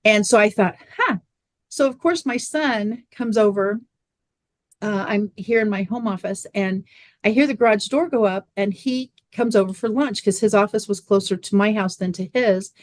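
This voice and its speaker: A middle-aged woman speaking as an interview guest, her voice sitting at a medium pitch. She tells her story in an animated way, slipping into the voices of her family. The sound is dry and close, with no room around it. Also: moderate pace, dry recording. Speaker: guest, water machine business owner.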